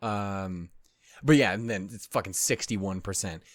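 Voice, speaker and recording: A man with a fairly low voice wraps up a reaction video, talking loosely to his viewers. He swears constantly, rambles and mocks himself. His voice sounds close and dry, with no room around it. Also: a little slow, dry recording. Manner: rambling, profane and self-deprecating; easily sidetracked, loses his train of thought. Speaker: anime reaction host. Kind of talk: casual wrap-up chat to viewers.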